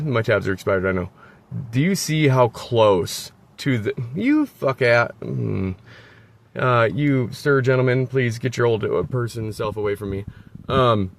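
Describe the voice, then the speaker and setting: A man's voice: medium pitch, animated, a little slow, a little hiss or hum. A man ranting in a rambling, profane, sarcastic way in a casual vlog, filming on his phone outdoors in a parking lot. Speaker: vlogger.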